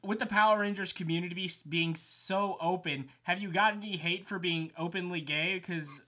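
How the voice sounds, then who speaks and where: A man's voice: high voice, steady tone, moderate pace, sharp tone. A man interviewing guests in an easygoing, friendly way. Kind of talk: casual interview.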